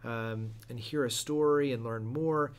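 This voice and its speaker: A man's voice: mid-range voice, fairly even intonation, measured pace. A man hosting a casual interview, affirming and summing up his guest's points. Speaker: interview host.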